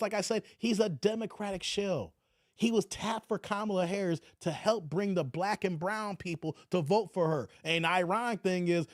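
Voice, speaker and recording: A man's voice: high voice, no room sound, studio quality. Man talking to viewers as a reaction vlogger. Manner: keeps addressing viewers as guys. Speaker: commentary vlogger. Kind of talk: reaction commentary.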